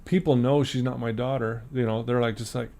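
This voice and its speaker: Gravelly man telling a story. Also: mid-range voice, a little fast. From Utah, USA. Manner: animated storyteller, acts out quoted voices. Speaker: podcast guest. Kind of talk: storytelling in a casual interview.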